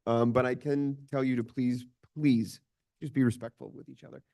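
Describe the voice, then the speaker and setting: A man chairing a village commission meeting, trying to calm two colleagues in a conciliatory, halting way. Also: mid-range voice. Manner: conciliatory, hesitant, many fillers and restarts.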